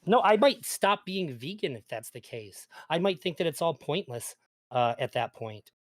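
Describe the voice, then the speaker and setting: A man's voice: a little high, sing-song, moderate pace. A man guest in a casual debate, arguing earnestly and often restarting his sentences. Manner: earnest, argumentative, stumbles on restarts. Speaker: interview guest.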